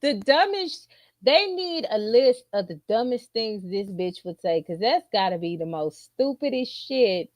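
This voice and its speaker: Woman commentator, AAVE, blunt and incredulous, slow drawl, dry close sound. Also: medium pitch, expressive, no echo. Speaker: commentary channel host. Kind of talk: casual reaction commentary.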